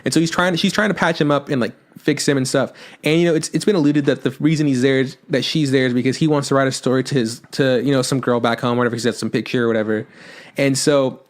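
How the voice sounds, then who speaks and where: A man co-hosting a podcast talks fast and animatedly into his microphone. He retells scenes in casual chat, acts out the quotes and swears freely, at a middle pitch. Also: fairly even intonation. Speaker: podcast co-host. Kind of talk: casual chat recapping an anime.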